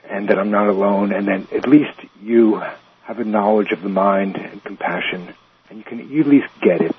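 Low-voiced guy calling a radio show, halting and earnest, tinny phone with faint hiss. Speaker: caller. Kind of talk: phone call-in conversation.

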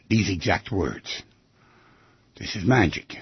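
A male talk show host giving advice in an animated, folksy way, often acting out what people might say. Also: a bass voice, moderate pace, pauses often, husky, dry recording, dull audio. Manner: animated, folksy, acts out quoted speech.

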